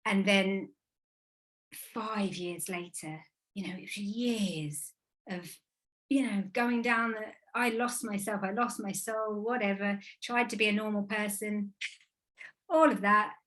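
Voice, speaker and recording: A guest speaker, an Englishwoman in her thirties, talks casually about spirit and grief in an earnest, emotional, rambling manner. Her mid-range voice is steady, a bit bright, and a little slow.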